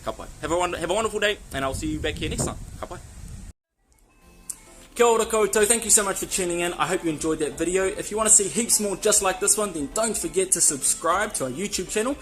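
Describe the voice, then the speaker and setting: A man with a New Zealand accent giving a casual spoken lesson, friendly and chatty, slowing down on words for the listener to repeat. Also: high voice, fairly bright tone, soft background music, poor audio. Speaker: language teacher.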